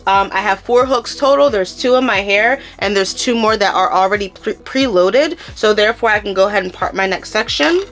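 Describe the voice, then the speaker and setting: A woman's voice: on the high side, fairly bright tone. Chatty Philly woman giving a hair tutorial. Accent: Philadelphia. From Philadelphia, USA. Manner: chatty, addresses viewers as y'all. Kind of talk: casual step-by-step tutorial.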